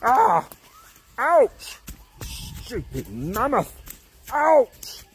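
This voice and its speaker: A man voicing a grumpy, hot-tempered caveman who shouts and yelps. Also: very high-pitched, huge pitch swings, drawn-out words, slight background noise, voice pushed up, exaggerated voice. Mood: furious. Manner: shouting and yelping.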